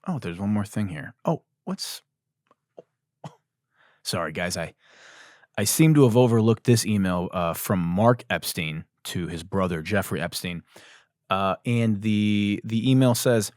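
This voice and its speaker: A man's voice: lowish voice, measured pace, dry recording, clean studio sound. A man hosting a comedy podcast, delivering a mocking satirical monologue. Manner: ranting, mocking, shouts and laughs.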